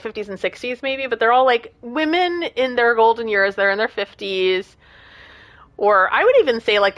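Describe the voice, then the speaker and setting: Talking casually to her stream viewers, this late-thirties woman has a mid-range voice that's a bit bright. She drifts from story to story, laughs a lot, and breaks into rants.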